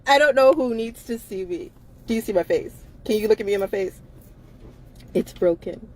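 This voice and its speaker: A woman's voice: medium pitch, expressive, moderate pace, a little mellow. A tired woman on a livestream, talking emphatically and repeating herself with laughs between phrases. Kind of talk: livestream monologue.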